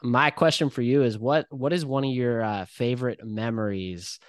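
A man's voice: medium pitch, normal speed, clean tone, dry recording. A young adult man co-hosting a podcast, chatting casually and thinking back on his college days, with lots of "like" and "um" fillers. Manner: relaxed and reflective, with many "like" and "um" fillers. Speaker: podcast co-host. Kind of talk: casual chat.

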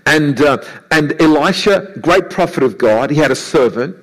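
A man preaching a sermon to a congregation, animated and lively, acting out Bible characters' voices in his story. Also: a little high, moderate pace, poor audio.

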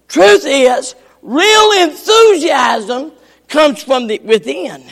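An older man preaching a sermon, swinging from shouts to hushed near whispers. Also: very high-pitched, gravelly. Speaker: pastor. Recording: long hall reverb.

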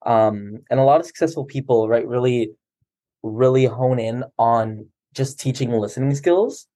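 Speaking at a moderate pace with a warm tone and medium pitch, a man co-hosts a podcast in loose, lengthy casual chat. He's talkative and quick to laugh at himself.

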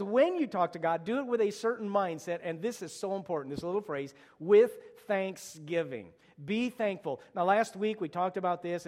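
Middle-aged man, pastor, sermon, slightly high voice, storytelling then urgent, long church reverb. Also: darkish tone. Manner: conversational storytelling, rising to urgent exhortation.

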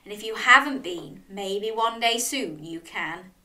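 A woman reads a picture book aloud and chats warmly to young children between pages. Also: mid-range voice, unhurried, far from the mic. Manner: lively, animated, talks directly to young listeners. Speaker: children's storyteller.

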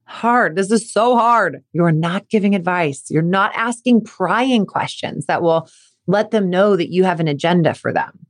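A woman hosting her own podcast as a sport coach, talking casually and acting out questions for parents in a lively voice. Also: fairly low pitch, a little slow. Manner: animated, acts out quoted questions in a lively voice. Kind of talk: casual solo podcast talk.

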